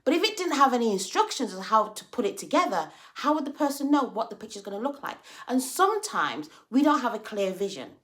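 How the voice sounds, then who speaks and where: Lady chatting on a live stream, kinda high voice that bounces around a lot. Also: a little fast, few pauses. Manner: animated, chatty, acts out quoted voices. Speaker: vlogger sharing faith reflections. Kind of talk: casual livestream talk.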